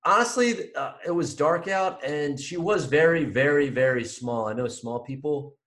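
A man's voice: fairly high pitch, normal speed. Man telling stories in an echoey room. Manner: animated storytelling, swearing. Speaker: podcast co-host. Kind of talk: casual chat.

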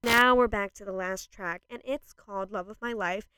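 In a casual vlog, a young woman reacts to a new album, gushing and laughing as she swings between excited outbursts and quieter asides. Her voice is medium-pitched at a normal pace, with background noise in the recording.

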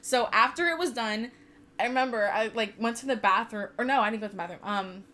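A woman's voice: a little high, fast talker, sharp tone. A woman in her twenties telling a personal story in casual chat, candid and profane with lots of "like". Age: 20s. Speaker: podcast co-host.

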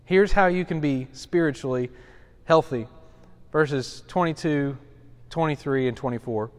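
A man's voice: on the high side, a little slow. A man in his thirties, a pastor teaching a Bible study in a conversational, self-deprecating way with frequent restarts. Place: church study. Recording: long hall reverb.

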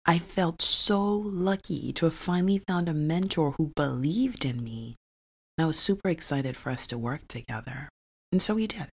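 A woman's voice: low voice, vocal fry. A middle-aged woman, a physician and researcher, telling a personal story in an earnest, confessional way with small laughs.

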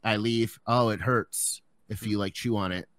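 A man's voice: fairly low pitch, steady tone, unhurried, fairly bright tone, dry recording. Swearing young man telling a long story. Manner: swearing storyteller, acting out other people's lines. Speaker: podcast co-host. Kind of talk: casual chat.

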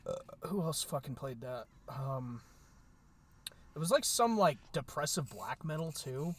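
A man chatting with friends on a podcast, his voice sitting a little high. He rambles through stories, packed with fillers and casual swearing. A faint hiss runs under the recording. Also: lively intonation, unhurried. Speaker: podcast co-host. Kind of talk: casual chat among friends.

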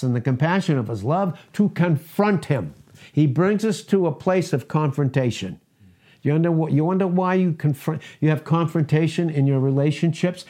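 A man's voice: fairly high pitch, dark tone. A middle-aged man preaching a sermon, emphatic, asking rhetorical questions and repeating key words.

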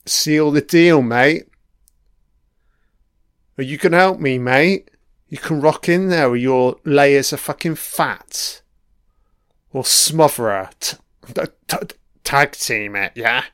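Slow, smooth-voiced man heckling. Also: mid-range voice, a bit bright, dry recording, clean studio sound. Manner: profane, mocking, heckles characters on screen. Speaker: film commentator. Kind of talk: watch-along episode commentary.

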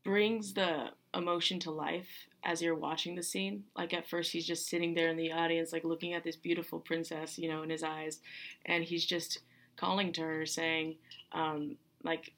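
Low, flat-voiced young woman rambling casually. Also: moderate pace. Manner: rambling, many fillers and restarts. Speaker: podcast host. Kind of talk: casual film recap.

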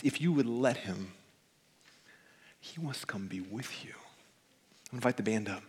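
A man's voice: medium pitch, lively intonation, measured pace, pauses often, husky. A male pastor giving a conversational sermon that builds to emphatic preaching, often tagging "right?". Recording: reverberant church hall.

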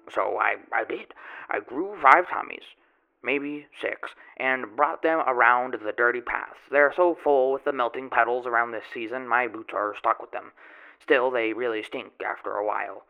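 A grubby, boastful tomato grower played by a man spins a rambling folksy story in broken grammar. His voice sits in an ordinary middle range. Music plays clearly behind him throughout the audio story. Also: medium pitch, bright, forceful tone, poor audio. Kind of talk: first-person character monologue.

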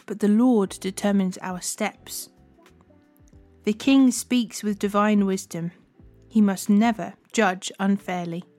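A woman hosting a daily Bible reading, reading scripture in a measured, unhurried way. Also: mid-range voice.

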